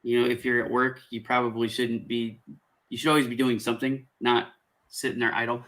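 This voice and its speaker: A man in his forties hosts a casual conversation and lays out advice in an earnest, emphatic way. His voice sits in a middle pitch. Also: flat delivery, brisk, fairly bright tone, poor audio. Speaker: host. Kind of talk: casual chat.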